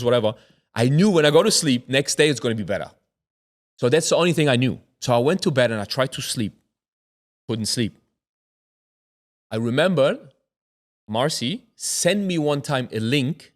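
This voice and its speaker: A man from Germany, a former footballer, tells a personal story as an interview guest. He acts out other people's voices and drops to a near whisper at the tense moments. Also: medium pitch. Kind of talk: candid storytelling in a sit-down interview.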